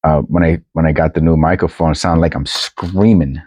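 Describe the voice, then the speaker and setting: This man's pitch is extremely low, his intonation fairly even, and his voice a little mellow as he speaks fairly quickly. A coin-collecting vlogger, he sorts coins at home and chats casually, rambling and restarting often. The new desk mic picks up no room sound.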